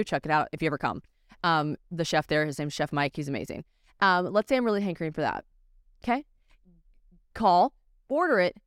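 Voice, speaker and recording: A woman's voice: medium pitch, clear, resonant tone, no echo, clean studio sound. A woman hosting a solo podcast, talking candidly and casually, full of "like" fillers and swearing freely. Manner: frequent "like" fillers. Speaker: podcast host.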